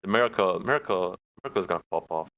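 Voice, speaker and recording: Low-voiced man on muffled lo-fi audio. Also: expressive, quick pace. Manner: hesitant, repeats words. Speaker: esports analyst. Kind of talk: pre-game analysis. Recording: dull lo-fi audio.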